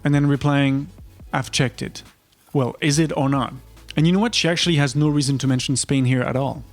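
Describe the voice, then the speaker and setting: A man's voice: mid-range voice, steady tone, a little fast, soft background music. Wry man delivering vlog commentary. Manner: incredulous, wry asides. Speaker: online commentator.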